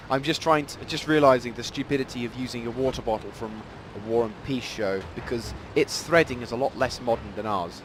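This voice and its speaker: A man's voice: medium pitch, a little hiss or hum. Chatty man commentating a game. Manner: rambling, chatty and self-deprecating, with sudden excited outbursts. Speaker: gameplay commentator. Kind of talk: casual live gameplay commentary.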